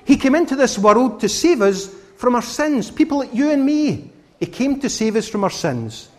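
A male preacher giving a children's sermon with a high, expressive voice. He questions and coaxes his young listeners and tells them Bible stories. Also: moderate pace. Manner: animated, questioning the children directly.

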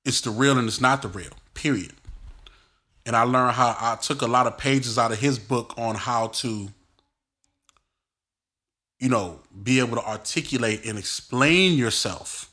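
A man hosts a solo podcast and tells his stories with animated, expressive energy. His voice is bright and forceful at a middle pitch, and his speech is loose and full of street slang. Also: measured pace, long pauses. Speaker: podcast host. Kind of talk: casual solo podcast storytelling.

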